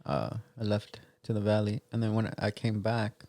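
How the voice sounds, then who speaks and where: A man's voice: on the low side, flat delivery, moderate pace, warm tone, no room sound. A young man, co-hosting a podcast and chatting casually, with a drawling, teasing manner. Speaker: podcast co-host. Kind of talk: casual chat.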